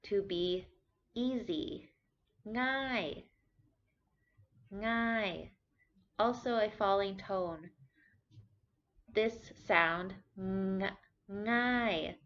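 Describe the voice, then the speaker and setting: Slow, careful woman teaching vocabulary. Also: lowish voice, gravelly, a bit bright. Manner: slow and careful, repeating words for practice. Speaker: language teacher. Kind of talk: vocabulary lesson. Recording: dull lo-fi sound.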